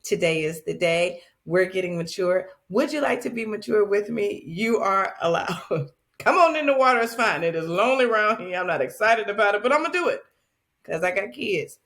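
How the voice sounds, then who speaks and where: A woman's voice: medium pitch, fairly quick. A woman in her forties hosting a podcast, talking in a loose, joking monologue with frequent laughs and asides to her listeners. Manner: animated, laughing often, colloquial asides to listeners. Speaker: podcast host. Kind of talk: casual comedic monologue.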